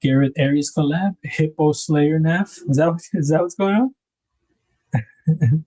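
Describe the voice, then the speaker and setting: A man's voice: on the high side, measured pace, dark tone. A man hosting a casual livestream, rambling about knife design and greeting viewers in the chat by name.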